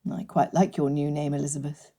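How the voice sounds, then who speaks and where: A reserved young bridegroom of good breeding speaks in careful, formal sentences, as a woman narrator puts him on. The voice sits low and sounds dark and mellow. It is steady audiobook character reading. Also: fairly quick. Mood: earnest. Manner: formal, earnest, low-pitched. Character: reserved injured gentleman bridegroom, male, young adult.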